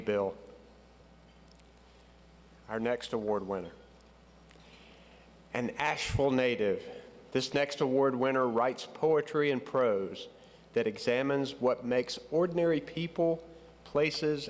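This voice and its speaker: A man's voice: mid-range voice, takes it slowly, long pauses. A man presenting at a formal awards ceremony, introducing the honorees. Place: large ceremony hall. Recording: reverberant hall.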